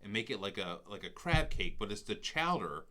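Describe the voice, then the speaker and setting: A man with a very low voice that still sounds bright and forceful, chatting casually on a podcast. He is laid-back and chimes in to complete his co-host's stories. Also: big pitch swings, normal speed. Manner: laid-back, chimes in to finish her thoughts. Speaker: podcast co-host. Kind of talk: casual chat.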